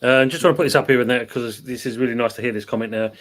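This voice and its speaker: A male host reading out a viewer comment and thanking a departing guest at a brisk pace. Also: medium pitch. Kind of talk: reading out live chat.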